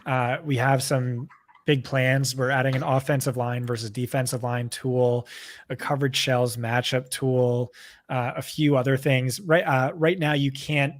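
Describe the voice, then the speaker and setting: A man with a New Jersey accent co-hosting a live stream, talking quickly and casually with lots of fillers. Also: mid-range voice, fairly even intonation. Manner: quick, chatty, full of fillers. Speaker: co-host presenting a data tool.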